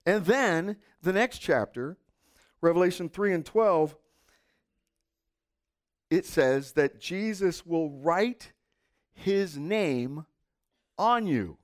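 A middle-aged male pastor delivering a sermon in a slightly high voice. He takes his time, and his pitch swings widely as he tells stories. Now and then he drops to a soft aside. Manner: expressive storytelling with sudden soft asides.

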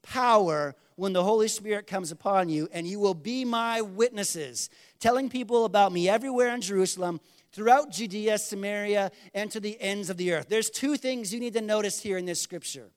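This pastor delivers a conversational sermon, acting out short quoted exchanges and inviting the congregation to respond. His voice sits high, and he keeps a moderate pace.

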